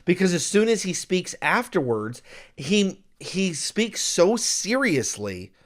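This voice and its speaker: Animated man reviewing a film. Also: sits high, slow pace. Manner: animated, acts out scenes in exaggerated voices. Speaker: podcast co-host reviewing films. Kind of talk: casual film review chat.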